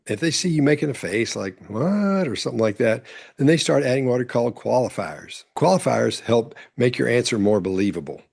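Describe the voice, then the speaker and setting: A man commenting on courtroom testimony, explaining calmly step by step. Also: medium pitch, gravelly, breathy edge. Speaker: body-language commentator.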